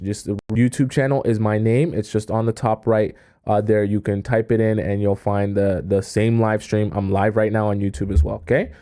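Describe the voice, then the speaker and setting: A man's voice: on the low side, dark tone. A man giving dating advice on a live stream, talking casually and often checking in with his viewers. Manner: conversational, keeps checking in with "okay?" and "right?". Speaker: dating coach.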